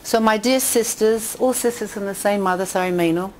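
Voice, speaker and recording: A woman tells jokes and stories in an inspirational talk, her voice climbing for quoted lines and punchlines. Her pitch sits in the middle of the range. Faint noise hums under the recording. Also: fairly quick. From England. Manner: lively storyteller who rises in pitch on quotes and punchlines. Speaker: speaker addressing a women's audience. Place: community hall with a live audience.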